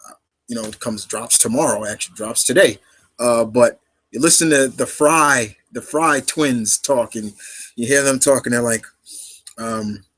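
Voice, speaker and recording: A man's voice: medium pitch, a bit bright, rough recording. Rambling man hosting a live Q&A. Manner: rambling, heavy with fillers and restarts. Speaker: host of a live Q&A stream. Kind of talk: casual live chat.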